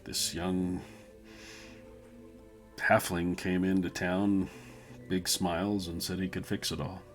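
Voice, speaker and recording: A man's voice: low voice, flat delivery, slow, soft background music. A man voicing a drunk, nervous young villager who slurs and mumbles fearfully.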